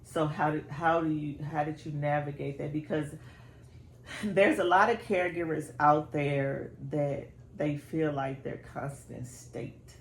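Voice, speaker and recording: A woman podcast host asking slow, measured, supportive questions in an interview. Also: low voice, vocal fry. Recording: echoey room with faint background noise.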